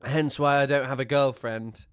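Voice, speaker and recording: Casting: young man from Southwest England, streamer, rambling and jokey, with a clear, smooth voice, dry close sound. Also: medium pitch, fairly even intonation, normal speed, no echo. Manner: joking, rambling. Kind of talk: casual stream commentary.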